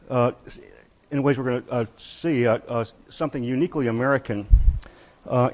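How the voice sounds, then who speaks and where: A man lecturing on literature as a university professor, speaking in a halting way with many pauses and restarts. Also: medium pitch, lo-fi sound.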